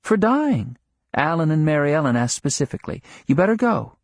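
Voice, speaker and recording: A man reading an audiobook, voicing a fond small-town wife who coaxes and gently scolds her husband. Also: fairly high pitch, big pitch swings, brisk, dry recording, pitched above the performer's own voice. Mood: fond scolding. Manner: light, coaxing and chiding.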